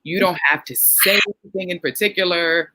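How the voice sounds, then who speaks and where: Bright-voiced woman therapist host. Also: lowish voice, brisk. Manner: frank, reads viewer comments, acts out quotes. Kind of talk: casual livestream chat.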